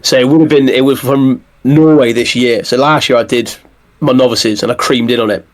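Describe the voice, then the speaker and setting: A man talking quickly and loosely on a podcast. His stories spill out with plenty of fillers and false starts, in a mid-pitched voice. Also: steady tone. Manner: rapid, rambling storytelling with lots of fillers and restarts. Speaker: podcast guest. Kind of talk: casual chat.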